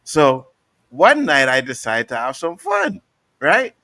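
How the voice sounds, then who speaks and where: A man co-hosting a podcast, casually telling animated stories and acting out the people he quotes. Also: on the high side, slow pace, no echo. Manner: animated storytelling, acts out quotes. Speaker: podcast co-host. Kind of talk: casual chat.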